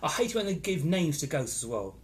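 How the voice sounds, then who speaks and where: A man's voice: a little high, very animated, fairly quick, slight background noise. A man hosting a casual live stream, chatting with opinions and greeting viewers by name as he reads their comments. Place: holiday location in Florida.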